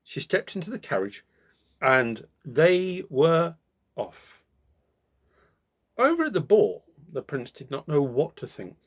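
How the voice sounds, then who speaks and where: A man reading a fairy tale aloud, with slow, expressive pacing and dramatic pauses. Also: on the high side. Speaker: storyteller.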